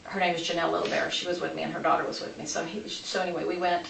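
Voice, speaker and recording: Woman interviewee, gravelly, rambling storyteller; far-off mic in a reverberant room. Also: fairly low pitch, little pitch movement, very fast, a bit bright. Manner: rambling, many restarts and asides. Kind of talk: recounting events in a police interview. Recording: echoey room, distant mic, background noise.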